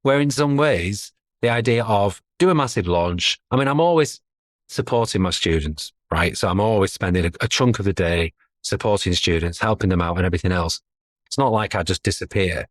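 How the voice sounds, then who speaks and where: A man's voice: lowish voice, lively intonation, fairly quick, no echo. A middle-aged man, talking as a guest in a casual podcast interview, chatty and self-deprecating. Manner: chatty, self-deprecating, laughs between thoughts.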